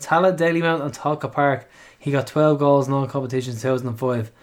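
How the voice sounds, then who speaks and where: A man's voice: mid-range voice, fairly even intonation, quick pace. A man hosting a podcast, chatting casually and reading out football stats. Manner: breezy, reads stats off a list. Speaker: podcast host.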